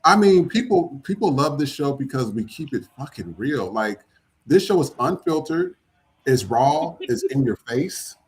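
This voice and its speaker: Chatty podcast host, mid voice. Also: male voice, medium pitch, huge pitch swings, measured pace. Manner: loose, chatty, casual cursing. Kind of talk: casual podcast talk.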